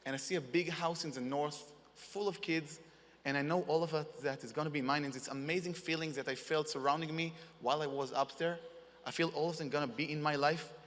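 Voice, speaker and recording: A young man giving a halting, earnest personal testimony in as a wounded soldier receiving an award. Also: fairly high pitch, a bit bright. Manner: halting, earnest, in non-native English. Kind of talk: emotional personal testimony speech. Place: large conference hall. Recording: reverberant conference hall.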